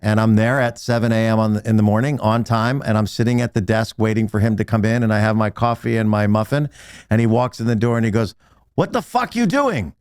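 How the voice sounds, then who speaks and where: A man's voice: lowish voice, level tone, fast talker, darkish tone, clear, resonant tone, no room sound, clean studio sound. A man hosting a podcast, asking long, reflective questions in a casual, rambling way and checking in with "right?". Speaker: podcast host. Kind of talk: casual interview chat.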